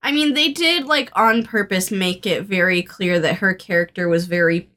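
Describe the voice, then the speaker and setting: A woman's voice: medium pitch, normal speed, fairly bright tone. A young woman chatting about a film with a co-host, teasing and laughing easily. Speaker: podcast co-host. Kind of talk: casual movie recap chat.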